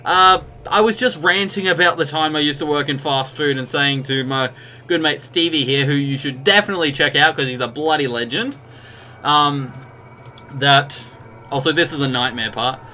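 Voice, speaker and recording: A man's voice: a little high, moderate pace, pushed and bright, slight background noise. A young Australian man streaming a game live, chatting and ranting in a casual, storytelling way. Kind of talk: live gameplay commentary. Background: game music.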